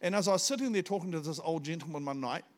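A man preaching a sermon, telling stories in an animated, dramatic way and laughing often. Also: on the high side, racing. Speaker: pastor. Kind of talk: storytelling sermon.

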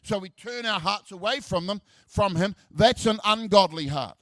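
A middle-aged pastor preaches in a fairly high voice, reading scripture and explaining it as he goes. He repeats words as he searches for the next phrase and slips in joking asides. The sound is close and dry, with no room echo. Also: normal speed, fairly bright tone.

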